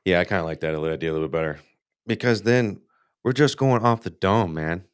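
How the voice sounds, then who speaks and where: A man's voice: low-pitched, brisk, smooth, dry recording, clean studio sound. A man hosting a casual live hunting podcast, rambling and cursing freely with many restarts. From United States. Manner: rambling, profane, frequent restarts. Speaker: podcast host.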